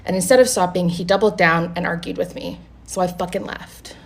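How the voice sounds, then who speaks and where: A young woman vlogging a dating story to camera, animated and profane, acting out both sides of the conversation. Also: on the low side, brisk, creaky, slightly rough.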